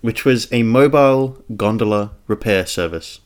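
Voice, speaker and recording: A man's voice: on the low side, moderate pace. A man with an Australian accent co-hosting a podcast in casual, rambling, jokey banter. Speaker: podcast co-host.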